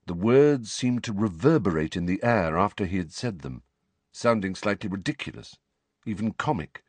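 A man's voice: fairly low pitch, breathy edge, no room sound. A man narrating an audiobook expressively, shifting his voice for the characters.

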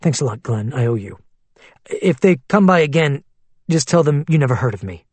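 A man voicing a tense, anxious man on the run, speaking low and hushed in an audiobook. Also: sing-song, moderate pace, no echo.

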